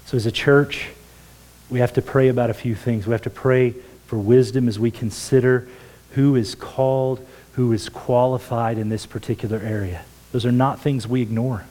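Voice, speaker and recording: Earnest pastor with a mellow voice. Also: male voice, medium pitch, fairly even intonation, normal speed, poor audio. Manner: earnest, drops to a hush for quoted words. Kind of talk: sermon. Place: church sanctuary.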